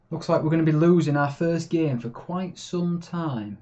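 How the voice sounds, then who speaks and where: Exasperated gamer commentating. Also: male voice, fairly high pitch, moderate pace, few pauses, lo-fi sound. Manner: chatty, swings between calm and exasperated. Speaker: gaming YouTuber. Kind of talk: live game commentary.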